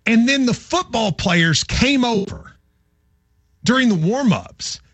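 A middle-aged man talks sports on a radio show, his voice sitting high and a little husky. He swings his pitch around as he tells stories, animated and chatty, picked up dry and close in the studio. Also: slow pace, dry recording. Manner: animated storyteller, lively and chatty. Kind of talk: casual sports talk.

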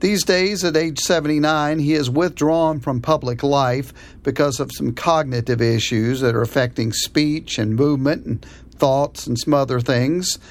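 A man from Kentucky hosting a sports history radio show, reading a measured, plain-spoken introduction. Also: fairly high pitch, fairly even intonation. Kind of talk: scripted radio narration.

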